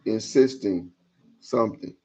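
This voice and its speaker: A man's voice: on the low side, unhurried, warm tone, breathy edge. A man giving casual commentary as he reacts to messages, often repeating words as he trails off.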